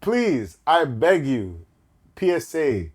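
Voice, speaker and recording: A man's voice: fairly high pitch, very animated, slow pace, breathy edge. A man co-hosting a podcast in casual chat, emphatic and repeating his points. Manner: emphatic, pleading, repeats himself. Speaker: podcast co-host.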